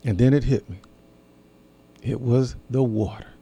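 Middle-aged guy hosting, slow folksy talk, repeats stuff for emphasis, dry close sound. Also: medium pitch, warm tone, breathy edge, dry recording. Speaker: host. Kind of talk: casual talk to an audience.

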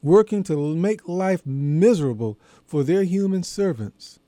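Slow, mellow-voiced man preaching on radio. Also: sits high, lively intonation, no echo. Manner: measured, emphatic preaching with deliberate pauses. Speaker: radio show host and preacher. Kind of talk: radio sermon.

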